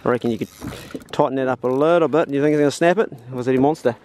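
A man giving excited, encouraging commentary while fishing from a boat, whooping at each catch. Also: mid-range voice, very fast, slight background noise. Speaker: fishing channel host. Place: outdoors on a small fishing boat.

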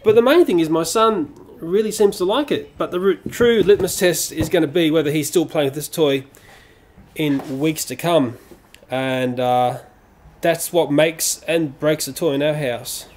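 A man's voice: fairly high pitch, unhurried, a little hiss or hum. A man casually reviewing a toy playset, chatty and given to exclamations like "oh dear.".

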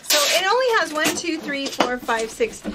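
A woman's voice: sits high, big pitch swings, normal speed, very noisy. A woman presenting quilting fabrics in a casual video, explaining and sharing sewing tips. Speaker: quilt shop co-host. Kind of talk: casual product showcase.

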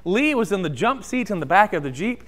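A man preaching a sermon in a church sanctuary, telling a personal story in an animated, conversational way. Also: high voice, brisk. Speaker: pastor.

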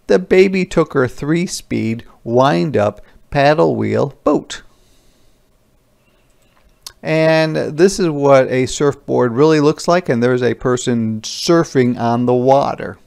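Acting as a teacher, a man gently reads a picture book to young children, stopping to explain words along the way. His voice is gravelly and mid-range.

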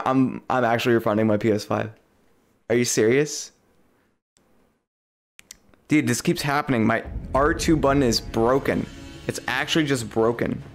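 A young man streaming gameplay, commenting live with lots of swearing and sudden high-pitched outbursts of frustration. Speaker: game streamer.

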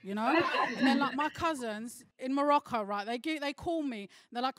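A woman's voice: high-pitched, normal speed, dry recording. Cheeky woman doing stand-up. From London. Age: young adult. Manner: cheeky, chatty, punchy delivery. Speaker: stand-up comedian. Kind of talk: stand-up comedy set. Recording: laughter from a virtual audience.

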